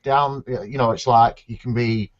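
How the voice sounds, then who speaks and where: A man's voice: medium pitch, steady tone, a little slow, highs cut off. An English man living in Scotland, swearing freely and telling stories in a casual online chat. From England. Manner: swears freely, mimics others in a raised voice. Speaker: chat participant.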